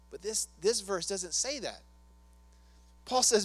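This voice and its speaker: A man's voice: sits high, lively intonation, takes it slowly, long pauses, a bit bright, no room sound. A man preaching a sermon in an earnest, conversational way, often asking his listeners questions. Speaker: pastor.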